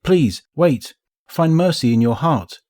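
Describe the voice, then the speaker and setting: A man's voice: a little high, lively intonation, warm tone, pitched above the performer's own voice. Man doing a pleading villager with a thick accent. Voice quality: thick accent, broken English. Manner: pleading, halting. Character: thin frightened villager man, desperate and pleading.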